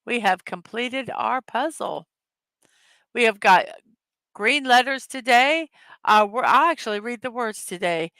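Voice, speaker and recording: A woman hosting a daily morning show in a casual, upbeat, chatty way, reading puzzle words slowly one at a time and greeting her viewers. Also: a little high, expressive, pushed and bright, no room sound. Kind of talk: casual livestream chat, reading puzzle words and memes aloud.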